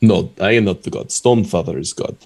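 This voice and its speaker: A man's voice: sits low, fairly quick, a little mellow. A man playing a proud, earnest stoneborne cleric who talks formally in slightly broken grammar. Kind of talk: tabletop role-play in character.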